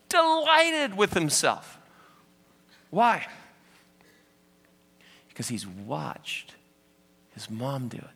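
A man from Southern California preaching a sermon, telling a story in an animated way. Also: sits high. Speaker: pastor. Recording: echoey hall.

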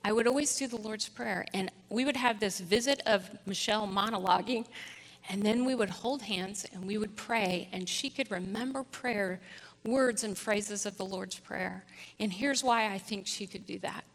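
A woman's voice: mid-range voice, normal speed. A woman giving a sermon, telling a personal story in an earnest way and leading her congregation in prayer. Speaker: preacher. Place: church hall. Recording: long hall reverb.

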